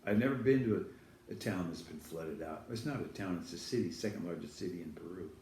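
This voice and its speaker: A man's voice: low voice, fast, warm tone, slight background noise. A man hosting a studio show, telling a rambling personal anecdote to camera and correcting himself as he goes. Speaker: host telling a personal story. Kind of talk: casual storytelling to camera. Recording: echoey room, far from the mic.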